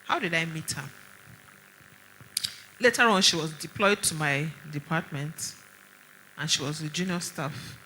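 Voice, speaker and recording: A middle-aged woman with a Nigerian accent speaks at a women's conference with a bright, forceful voice. She tells stories animatedly and presses her points with sharp rhetorical questions, a doctor addressing the room. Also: sits low, measured pace, long pauses, a little hiss or hum, rough recording. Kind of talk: conference talk.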